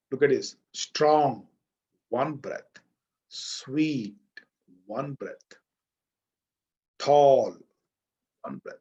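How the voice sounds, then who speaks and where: A man with an Indian English accent gives a grammar lesson at a very unhurried pace, breaking words into parts and pausing often to put questions to his class. His voice sits at an ordinary middle pitch. The recording is somewhat dull and lo-fi. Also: warm tone. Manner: slow, deliberate, pauses to quiz students. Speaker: English teacher.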